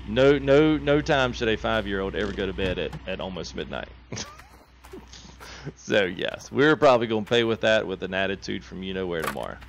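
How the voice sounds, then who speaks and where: A man's voice: on the low side, animated, normal speed, vocal fry, a little hiss or hum. A man, chatting casually on a live game stream, reading chat and laughing often. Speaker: gaming streamer.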